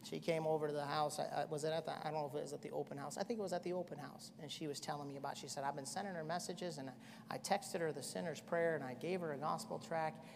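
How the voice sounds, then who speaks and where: A middle-aged man preaching a sermon as pastor, swinging from shouting to quiet storytelling. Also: fairly high pitch, steady tone, fast talker, gravelly, background noise. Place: church hall. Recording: echoey church hall.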